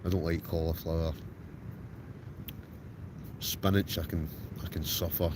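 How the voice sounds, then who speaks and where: A man from Scotland, speaking with an Ayrshire accent, hosts a livestream from a tent in a nighttime storm, reading live comments and replying to viewers by name. He sounds low and flat, keeping a measured pace over background noise.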